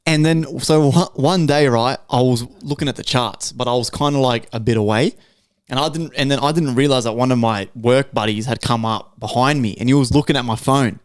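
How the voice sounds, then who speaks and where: A man's voice: mid-range voice, dry recording, studio quality. A young man co-hosting a podcast, telling a story and acting out other people's lines with plenty of swearing. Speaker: podcast co-host. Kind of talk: casual banter among friends.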